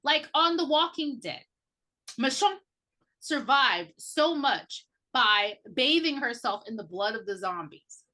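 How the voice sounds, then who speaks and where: A woman's voice: high-pitched, animated, slow. A woman co-hosting a podcast, trading blunt jokes and profane banter about a horror movie. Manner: blunt, joking banter with loud bursts. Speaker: podcast co-host. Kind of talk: casual movie recap.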